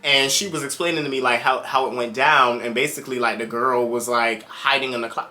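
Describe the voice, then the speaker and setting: A young man telling a personal story to his viewers in a casual, animated way, exclaiming often and talking to the audience directly. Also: mid-range voice, normal speed, soft background music. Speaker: storytime vlogger.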